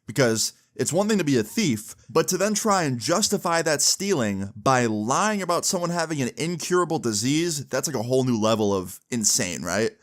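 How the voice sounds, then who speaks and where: A man's voice: medium pitch, animated, moderate pace, few pauses. A young man recounting a personal story in a chatty storytime style, full of "like" and "you know" fillers. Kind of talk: casual storytime.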